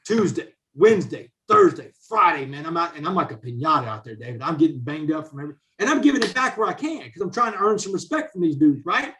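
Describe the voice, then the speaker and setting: Man, middle-aged, slightly high voice, casual storytelling, keeps saying man. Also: fast talker, hardly any pauses. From Southeast Texas, USA. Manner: animated, drops "man" into nearly every sentence. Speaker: podcast guest, author and speaker.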